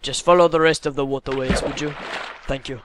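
A man's voice: medium pitch, steady tone, fairly quick, background noise. An English man hosting a let's play, chatting casually and teasing his co-player. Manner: joking, teasing banter. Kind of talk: casual gameplay chat.

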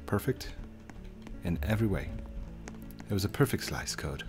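A man's voice: deep voice, expressive, moderate pace, over music. A man casually commenting while he plays a building game, chatting to himself and his viewers. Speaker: let's play host.

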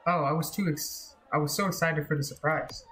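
A man gives voice to a teenage schoolgirl fretting over a hidden secret in a horror game. The read is flat and rushed, sitting a little high. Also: a little hiss or hum, close to an everyday voice. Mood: anxious.

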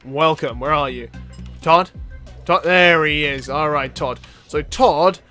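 A man commentating on a strategy game, playful and excitable, laughing often and talking to the characters. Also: a little high, takes it slowly, faint music behind. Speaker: gameplay video host. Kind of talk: casual let's-play commentary.

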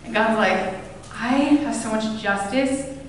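A woman's voice: a little high, measured pace, a bit bright, a little hiss or hum. A woman pastor giving a sermon, retelling scripture stories in a casual, conversational way with everyday voices. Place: church. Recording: echoey hall, mic at a distance.

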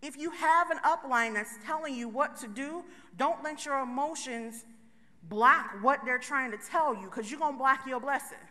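A woman speaks from a stage in a big conference hall. Her voice is high and bright. She talks to the crowd directly in a loose, joking way, and the long reverb of the hall trails after her words. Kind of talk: motivational talk to a live audience.

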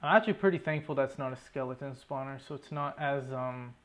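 A man's voice: medium pitch, fairly quick, fairly bright tone. A young man giving running commentary over his own gameplay, swearing often and talking to himself in exasperation. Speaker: gaming YouTuber.

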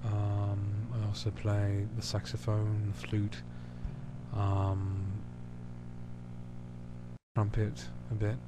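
Slow, hesitant young man rambling. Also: fairly low pitch, monotone, heavy background noise. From United States. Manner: rambling, hesitant, full of pauses. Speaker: channel host answering questions. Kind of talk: casual recorded chat.

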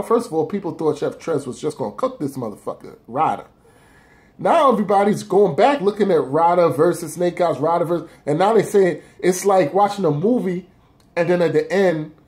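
On his own blog, a man loosely runs down his favorite rap battles of the year, cursing freely as he goes. His voice sits a little high and has a slightly mellow quality. He rambles in a profane, street-talk style.

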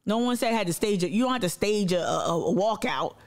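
This livestream host is a woman whose mid-range voice sounds expressive and a bit dark, and she talks a little fast. Her monologue to the audience is blunt and fiery, heavy on swearing and repeated phrases, and she reads out viewer comments as she goes.

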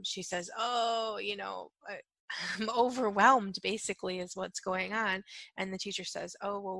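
A woman's voice: mid-range voice, pushed and bright, dry recording. A woman casually teaching about energy and emotions, chatty with many "right?" fillers, acting out little quotes in her own voice. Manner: repetitive chanted clearing at the end. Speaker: spiritual teacher.

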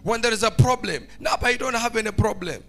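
A male preacher delivers a fervent church sermon. His voice is high and sharply bright, and he swings from shouted, sing-song peaks to near-hushed lines. Soft music plays faintly underneath. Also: quick pace. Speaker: pastor. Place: church service.

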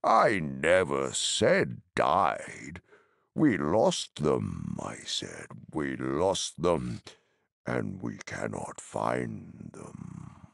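Man voicing an ancient tree giant, very slow, swinging pitch, dry close sound, storybook. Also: huge pitch swings, fairly bright tone, dry recording, heavily acted. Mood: sorrowful. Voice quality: deep creaky rumble. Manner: slow, ponderous, sorrowful. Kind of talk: audiobook reading.

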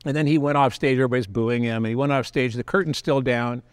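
An older man with a smooth, resonant voice recalls memories at an unhurried pace. The sound is dry and close to the mic, with his mid-range pitch coming through clearly. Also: dry recording. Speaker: guest actor. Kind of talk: relaxed storytelling.

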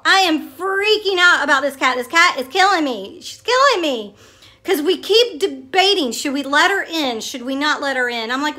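Excitable, chatty, bright-voiced woman. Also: high-pitched, moderate pace. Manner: chatty and excitable, swearing, addressing viewers as y'all. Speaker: vlogger. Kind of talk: casual storytelling to camera.

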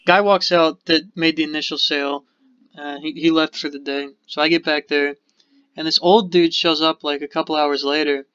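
Man telling a story on a podcast, slightly high voice, swears a lot, acts out quotes, dull lo-fi sound. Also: level tone, normal speed, bright, forceful tone, smooth, no room sound. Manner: rambling, profane, acts out quotes. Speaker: podcast co-host. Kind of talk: casual storytelling chat.

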